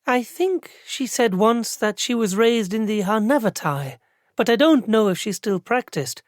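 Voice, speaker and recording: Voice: medium pitch, lively intonation, measured pace, dry recording, clean studio sound, voice pushed up, natural voice. A narrator voicing a nervous, earnest young woman clerk who fights back tears. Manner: earnest, tearful, soft.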